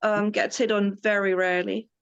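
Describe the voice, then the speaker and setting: A woman's voice: mid-range voice, level tone, moderate pace, clear, resonant tone, highs cut off. Woman in her forties, German-born, British Isles-influenced accent, enthusiastic, rambling, tour guide. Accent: British Isles-influenced English. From East Germany. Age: 40s. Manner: enthusiastic, rambling with many restarts. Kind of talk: casual interview storytelling.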